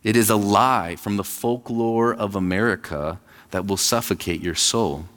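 A man's voice: fairly low pitch, normal speed, a bit bright, long reverb tail. A man in his thirties, pastor of a church, preaching a conversational sermon and acting out quoted voices. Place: church sanctuary.

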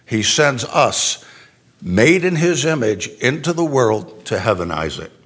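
A man's voice: mid-range voice, very animated, a little slow, a bit bright, slightly rough. A man preaching a sermon to a congregation in a church, in a conversational style with asides and tag questions. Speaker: pastor. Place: church sanctuary before an audience.

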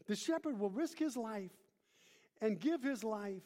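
A male pastor with a notably high voice preaches a sermon, building to emphatic peaks and then dropping to near-whispers. He calls out to the congregation for a response. His voice carries long reverb through a large church. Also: expressive, measured pace. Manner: call-and-response, rising emphatic then hushed.

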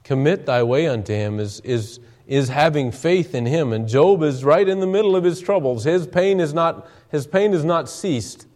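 A man's voice: a little high, animated, moderate pace, hardly any pauses, darkish tone. A male preacher giving an evening sermon in a church, reading scripture aloud and explaining it earnestly. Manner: earnest, reads King James scripture then explains it.

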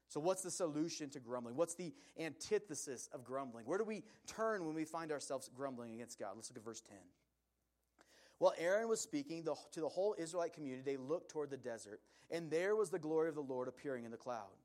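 A man's voice: fairly high pitch, lively intonation, fast, a little mellow. A man preaching an earnest sermon, reading scripture aloud and driving his points home with emphasis. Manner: earnest, emphatic preaching with rising and falling intensity. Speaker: pastor.

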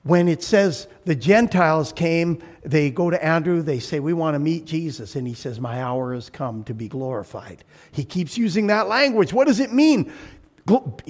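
A man preaching a sermon as pastor, animated, acting out voices and shouting for emphasis. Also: on the high side.

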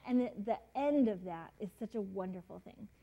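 A woman's voice: medium pitch, lively intonation, fairly quick, gravelly, warm tone, poor audio. A woman, a mother, teaching a Bible story in a casual, chatty way, full of fillers and acted-out quotes. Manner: chatty, many fillers, laughs often, acts out quotes.

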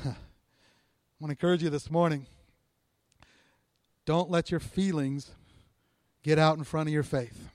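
A man's voice: a little high, steady tone, measured pace, pauses often, darkish tone, no echo, clean studio sound. A man preaching a sermon in a church, talking casually with the congregation, asking questions and chuckling often. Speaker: pastor. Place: church sanctuary.

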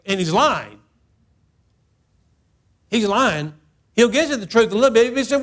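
A man with a high-pitched voice preaching in a church. He is an emphatic middle-aged pastor who repeats his phrases and acts out each quote. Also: normal speed, pauses often. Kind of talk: sermon.

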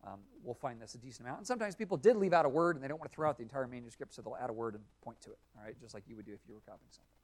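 A man's voice: mid-range voice, lively intonation, racing. A man teaching a Sunday school class in a conversational lecture, often asking the room questions.

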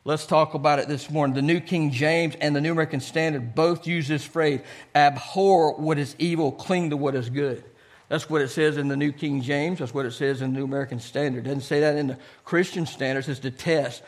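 Man, pastor, earnest sermon, repeats phrases, slightly high voice. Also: fairly even intonation, fairly quick. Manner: earnest, repetitive preaching with calls of "Amen?".

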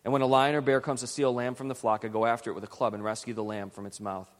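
A man's voice: mid-range voice, level tone, very fast, close to an everyday voice. A man voicing a bold, earnest young shepherd hero with emphatic delivery, heard in a long hall reverb.

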